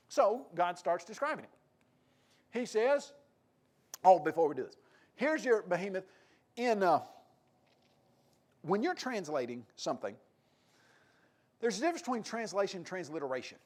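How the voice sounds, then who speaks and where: A man with a Tennessee accent preaching a sermon, acting out quoted lines with a raised, animated delivery. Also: sits high, normal speed, long pauses.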